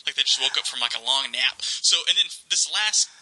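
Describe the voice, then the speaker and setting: A man hosting a podcast in casual chat, telling stories with animated delivery, acting out the voices he quotes and laughing often. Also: medium pitch, brisk, low-quality recording. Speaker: podcast host.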